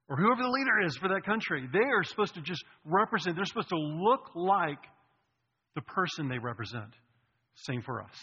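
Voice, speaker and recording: A man's voice: a little high, sharp tone, slightly rough. A man preaching a sermon to a congregation, conversational, with jokey asides to the listeners. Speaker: pastor. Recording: muffled hall recording with long reverb.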